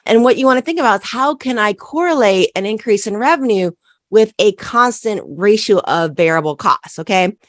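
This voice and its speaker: Woman, podcast host, accountant, coaching tone, repeats questions, middle pitch, dry recording. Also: animated, moderate pace, no echo. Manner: coaching, repeats key questions, frequent "right?". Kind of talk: solo business podcast monologue.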